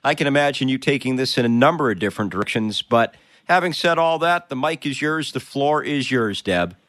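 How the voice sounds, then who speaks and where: A man hosts a podcast in an easygoing, conversational manner. His voice sits in a middle pitch, recorded dry with no room sound. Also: animated, brisk, fairly bright tone, no room sound. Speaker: podcast host. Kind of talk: podcast interview.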